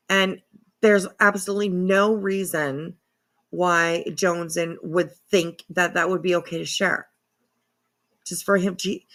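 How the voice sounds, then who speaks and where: A woman's voice: on the low side, fairly bright tone. A woman hosting a commentary channel, reacting to clips in casual, profane, incredulous talk. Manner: incredulous, profane, talks to her cat and viewers.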